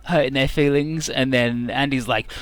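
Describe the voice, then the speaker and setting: A man's voice: moderate pace, no room sound, faint music behind. A man doing comedic game commentary, summarizing the story in a sarcastic, crude way. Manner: jokey, mocking, squeaky falsetto for characters. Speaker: let's play commentator. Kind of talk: comedic retelling of game dialogue with put-on voices.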